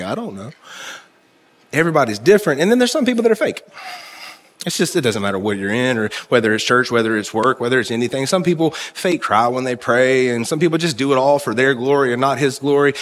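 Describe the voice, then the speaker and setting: A man's voice: on the high side, a bit bright. A man preaching a sermon to his church, telling stories with humor and talking straight to the congregation. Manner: folksy storytelling with humor; conversational, addresses congregation directly. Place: church service.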